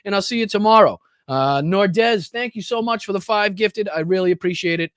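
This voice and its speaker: A man hosting a political livestream, casually thanking viewers by name, swearing freely, and breaking into loud bursts of enthusiasm. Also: high voice, fairly quick, clear, resonant tone, no room sound, studio quality. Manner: loose and casual, swears often. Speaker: host of a political livestream show.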